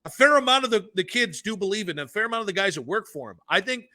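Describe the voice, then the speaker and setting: A man co-hosting a sports radio show, chatting in an animated way with quick asides. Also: high voice. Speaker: radio co-host.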